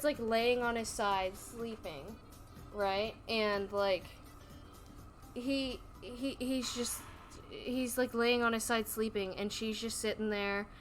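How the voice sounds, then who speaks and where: A woman streamer chatting casually and gushing in a rambling way about her pets. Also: on the high side.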